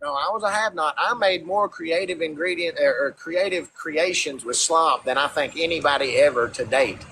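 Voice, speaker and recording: A man's voice: fairly high pitch, normal speed, pushed and bright, a little hiss or hum, poor audio. A man with a Southern US accent telling stories in a casual livestream chat, talking through a phone. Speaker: former reality show contestant.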